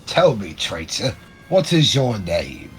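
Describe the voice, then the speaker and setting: A man's voice: on the low side, big pitch swings, slow pace, faint music behind, pitched below the performer's own voice. A man doing a smug pompous company president. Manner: smug, condescending. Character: pompous scheming older male corporate president.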